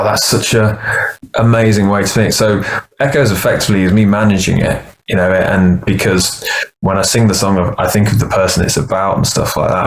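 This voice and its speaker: A man's voice: lowish voice, rough recording. A man, a band's singer and songwriter, talking earnestly in a casual interview and restarting his sentences often. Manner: earnest, rambling with many restarts.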